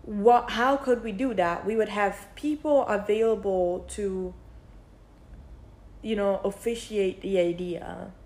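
Slow, rambling young woman vlogger. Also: mid-range voice, a little mellow, reverberant. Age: young adult. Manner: rambling, thinking aloud with many fillers. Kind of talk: casual reflective monologue.

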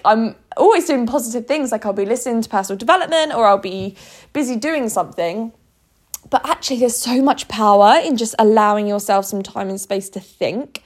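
A woman talking to camera in an earnest, emotional vlog monologue, often restarting her sentences. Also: mid-range voice. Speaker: vlogger.

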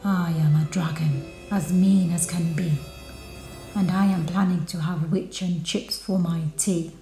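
A woman putting on a mean storybook dragon, lower and louder than her telling voice. He growls his threats in an echoey room, with soft music behind. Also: steady tone, a little slow, natural voice. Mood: menacing. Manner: growling threats, then spluttering apologies. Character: mean boastful male dragon, later cowardly.

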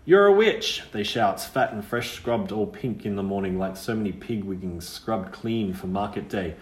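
A man's voice: fairly low pitch, fairly even intonation, moderate pace, echoey room, natural voice. A man voicing a pert, wary young witch girl's ghost who speaks in a rustic country dialect. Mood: bitter storytelling.

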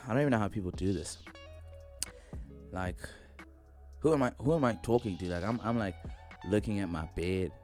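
A man's voice: low voice, darkish tone. A young man vlogging from his bedroom into a studio microphone, joking and rambling in slang with lots of fillers. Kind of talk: casual rambling vlog.

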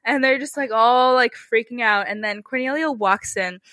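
A woman's voice: a little high, normal speed, pushed and bright, dry recording. A woman co-hosting a podcast in casual chat, retelling scenes with playful quoted voices. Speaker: podcast co-host. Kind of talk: casual chat recapping a TV show.

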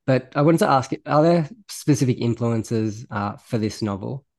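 A male interviewer asks about literary influences in a measured, thoughtful way. His voice is middle-pitched, and he murmurs quietly while the guest answers. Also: animated. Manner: measured questions, brief listening murmurs. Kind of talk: conversational interview.

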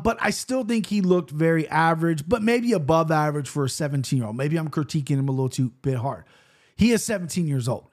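A man in his thirties hosting a casual fight-sports betting show, rambling quickly with restarts and the odd curse. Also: a little high. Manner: rambling, fast-talking with frequent restarts and swearing. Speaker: show host. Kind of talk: casual MMA betting commentary.

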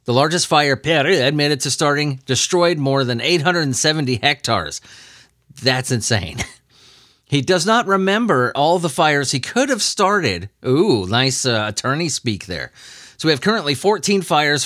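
A man's voice: on the high side, fairly bright tone, no room sound, clean studio sound. A man hosting a comedy news podcast, joking and laughing as he reads and riffs on odd stories. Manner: joking, laughs often, puts on silly voices. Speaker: podcast host.

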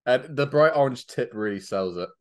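A man speaking at a middling pitch that moves up and down a lot as he chats as a guest on a film podcast. He pokes fun at himself, and his voice sounds close and dry. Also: expressive, moderate pace, no room sound. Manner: self-mocking, laughs at own jokes. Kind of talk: casual film podcast chat.

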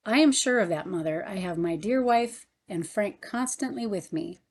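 A woman reading the lines of a gentle, devoted husband in a storybook narration. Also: mid-range voice, lively intonation, normal speed, slightly rough. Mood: tender. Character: tender devoted husband, adult man.

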